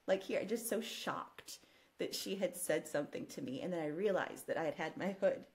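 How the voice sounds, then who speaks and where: A woman with a slightly low voice tells a story to a podcast host. She talks in an animated, casual way with quick asides. Her pitch rises sharply when she gets excited. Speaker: podcast guest.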